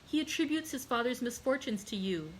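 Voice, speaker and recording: A woman's voice: a little high, expressive, fairly quick, a little hiss or hum, pitched above the performer's own voice, natural voice, low-quality recording. Mercédès, a woman voicing a pleading noblewoman. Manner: pleading, raised and impassioned.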